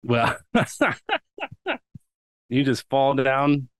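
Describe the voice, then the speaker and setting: A man of middle pitch tells a long story in casual podcast chat. He rambles, restarts often and acts out what people said. The sound is dry and close. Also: huge pitch swings, extremely slow, dry recording. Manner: rambling, full of restarts and reenacted quotes. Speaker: podcast guest.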